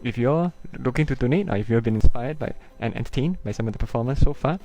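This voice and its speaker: A man from Singapore hosting a charity comedy show, talking in quick links with fillers. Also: medium pitch, lively intonation, mellow, low-quality recording. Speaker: show host.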